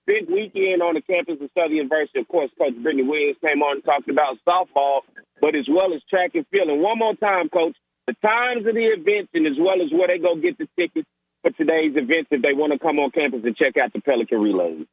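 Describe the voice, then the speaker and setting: A man's voice: fairly high pitch, very animated, fast talker, creaky, no room sound. An upbeat male host of a sports talk show chats with his guest and laughs easily. His voice comes through a narrow, tinny, phone-like channel. The sound is dry. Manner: upbeat, laughs often, says man and Coach a lot.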